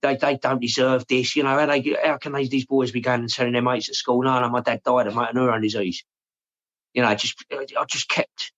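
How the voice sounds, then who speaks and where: An English man in his forties, talking openly and haltingly in an interview, often repeating his words and saying "mate". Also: medium pitch, flat delivery, a bit bright, dull audio. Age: 40s. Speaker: podcast guest. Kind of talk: emotional personal interview.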